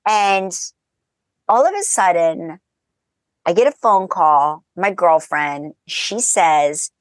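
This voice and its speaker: A woman as a podcast guest, telling lively anecdotes in casual chat and laughing as she goes. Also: fairly low pitch, takes it slowly, no echo. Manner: animated, chatty, laughs through her stories.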